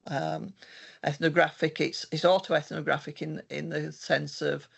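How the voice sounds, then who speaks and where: Older male researcher, heavy vocal fry, meandering conversational delivery. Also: fairly high pitch, flat delivery, a little slow, fairly bright tone. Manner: meandering, many restarts. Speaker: researcher presenting their work. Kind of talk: conversational presentation.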